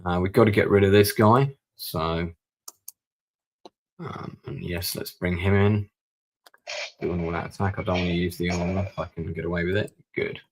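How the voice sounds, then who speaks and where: A man's voice: low voice, steady tone, moderate pace, long pauses. A man streaming a strategy war game, thinking aloud and muttering over his moves as he plays. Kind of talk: live-stream gameplay commentary.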